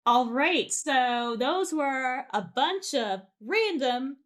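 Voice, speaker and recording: A young woman hosts a fan podcast in a relaxed, chatty way. Her voice sits a little high, with easy fillers and soft laughs as she wraps up the talk. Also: very slow. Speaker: podcast host. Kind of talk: casual podcast chat.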